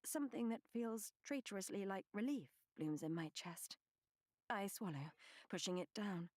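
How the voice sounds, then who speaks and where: A woman reading a first-person novel as an audiobook narrator, measured and expressive. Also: mid-range voice, no room sound, clean studio sound.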